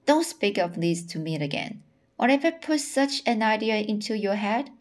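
A woman's voice: mid-range voice, sing-song, moderate pace, natural voice. Woman reading a polite, indignant young woman.

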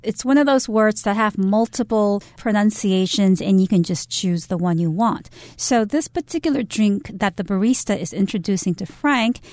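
A woman's voice: medium pitch, moderate pace, hardly any pauses, darkish tone, no echo. Woman defining English words, dry studio. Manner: clear explanatory definitions. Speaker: English teacher co-host. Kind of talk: radio English lesson.

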